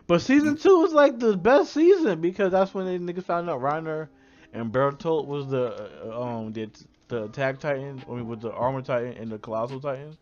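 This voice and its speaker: A man's voice: a little high, lively intonation, a little fast, darkish tone, muffled recording. A man co-hosting a casual podcast about anime, laughing often and acting out the characters he quotes. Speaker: podcast co-host.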